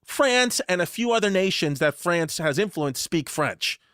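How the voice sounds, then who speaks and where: Man with a New York accent, higher voice. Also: expressive, measured pace, fairly bright tone, smooth, dry recording, studio quality. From Brooklyn, New York. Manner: rambling, profane storytelling with many restarts. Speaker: podcast co-host. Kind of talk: casual comedic chat.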